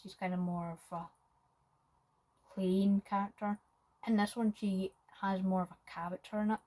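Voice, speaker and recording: A woman's voice: lowish voice, darkish tone, poor audio. A woman giving a casual, rambling film review, full of hesitations and restarts.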